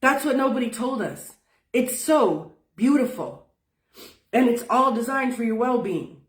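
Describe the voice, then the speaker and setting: A woman's voice: on the high side, normal speed, recorded from a distance. A woman teaching spiritual wellness in casual talk, folksy and emphatic, swearing freely. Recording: roomy sound from off-mic.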